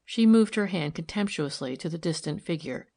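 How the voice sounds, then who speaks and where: A woman reading a novel aloud in steady, measured narration. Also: fairly low pitch, vocal fry. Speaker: audiobook reader. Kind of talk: scripted narration.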